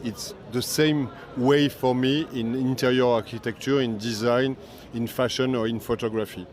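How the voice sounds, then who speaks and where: An older man with a French accent talks in halting, careful English, pausing as he reaches for words. He answers an interviewer's questions outdoors, and traffic passes in the street behind him. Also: medium pitch, fairly even intonation, a little mellow. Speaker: festival director.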